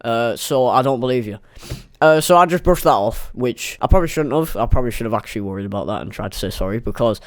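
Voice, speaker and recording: A man's voice: mid-range voice, very fast, hardly any pauses, no room sound, studio quality. A young man telling a rambling, sweary, self-mocking story in a casual storytime monologue.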